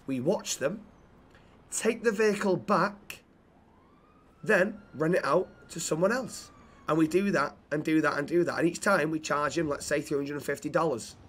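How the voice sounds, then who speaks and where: A British man talking in character in a role-play game, eagerly pitching ideas and stumbling over his words. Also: normal speed, breathy edge.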